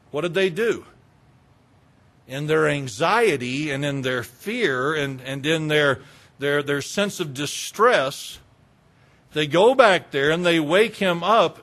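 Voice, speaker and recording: A man preaching a sermon, retelling a story dramatically with repetition and swinging between loud passion and hushed quiet. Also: fairly high pitch. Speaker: pastor.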